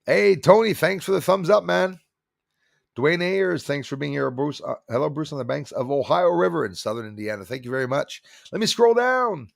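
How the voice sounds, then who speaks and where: Man, middle-aged, gravelly voice, dry close sound, rambling livestream chat, reads viewer comments aloud. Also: a little high, lively intonation, normal speed, dry recording. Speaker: livestream host.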